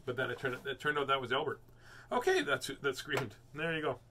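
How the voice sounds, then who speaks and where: Over slight background noise, a very animated man speaks briskly in a bright, forceful, mid-range voice. As host of a live children's book read-aloud, he banters playfully between pages, rambling, joking and making silly sounds with lots of fillers.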